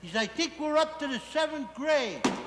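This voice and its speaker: A man's voice: very high-pitched, expressive, a little fast, roomy sound, in a large hall, heavy background noise. A man voicing a dim, cheerful man-child barfly who rambles through a goofy tall tale in a 1960s TV variety sketch. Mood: goofy rambling. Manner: rambling, goofy punchline storytelling with wheezy giggles.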